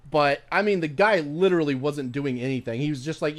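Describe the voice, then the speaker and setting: Streaming a game, a man with a fairly high, brisk voice offers casual play-by-play talk. He rambles and swears, frequently starting his sentences over.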